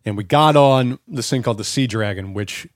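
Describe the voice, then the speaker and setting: A man in his forties co-hosting a podcast, telling stories in a casual, animated way, swearing freely and acting out the voices he quotes. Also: mid-range voice, normal speed, dry recording, clean studio sound. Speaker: podcast co-host. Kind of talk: casual chat.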